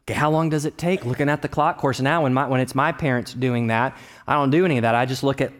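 A man in his thirties from Texas preaching a sermon, conversational with personal stories, rising to loud emphatic bursts and dropping to quiet low asides. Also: quick pace. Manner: conversational, with restarts and personal anecdotes. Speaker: pastor.

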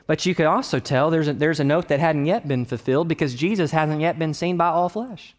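A man in his thirties from Texas preaching a sermon, conversational with personal stories, rising to loud emphatic bursts and dropping to quiet low asides. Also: a little fast, few pauses. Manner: conversational, with restarts and personal anecdotes. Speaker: pastor.

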